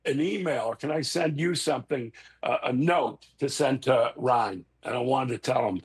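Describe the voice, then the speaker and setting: A man's voice: mid-range voice, normal speed, breathy edge. A middle-aged man, a guest sharing an emotional remembrance in casual chat. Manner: emotional, expressive, tearful at times.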